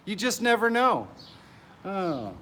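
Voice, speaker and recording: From an outdoor pavilion, an excitable middle-aged man hosts a live stream, laughing a lot and welcoming viewers by name. His voice sits high and he talks slowly, sounding a little nervous and stressed.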